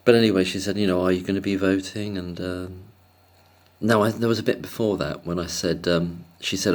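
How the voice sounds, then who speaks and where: A man's voice: deep voice, fairly even intonation, brisk, a little mellow. A man telling a casual, rambling story to camera, hesitant and self-deprecating, chuckling often. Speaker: vlogger.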